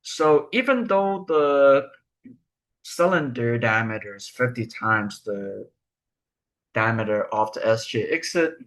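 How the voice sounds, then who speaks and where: A man's voice: mid-range voice, animated, takes it slowly, a bit bright. A young man giving a recorded research presentation, explaining step by step and asking rhetorical questions.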